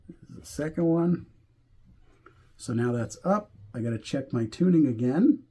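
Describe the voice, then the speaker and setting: A man walking through a guitar setup step by step, talking in a relaxed way while he works and thinking aloud as he goes. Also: mid-range voice, moderate pace. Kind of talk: hands-on tutorial explanation.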